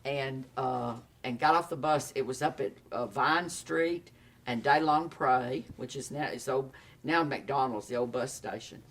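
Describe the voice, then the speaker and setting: An older man with a Southern drawl spins showbiz stories, bouncing into his quotes with lively, laughing energy. He sits a little back from the mic, so the voice carries a touch of distance. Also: mid-range voice, unhurried. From Tennessee. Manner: animated storyteller, acts out quotes, laughs often. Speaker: actor guest. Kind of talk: casual storytelling interview.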